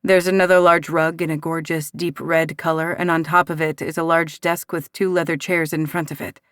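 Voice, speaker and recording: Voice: medium pitch, little pitch movement, moderate pace, fairly bright tone, dry recording, studio quality. An audiobook narrator giving emotive first-person romance narration.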